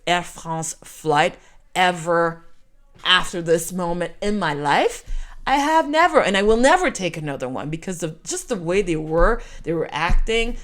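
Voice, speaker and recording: A woman's voice: fairly low pitch, expressive, measured pace, a bit bright. A Canadian woman in her forties telling a personal travel story to camera in an emotional, repetitive, heartfelt way. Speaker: vlogger. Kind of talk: storytime monologue.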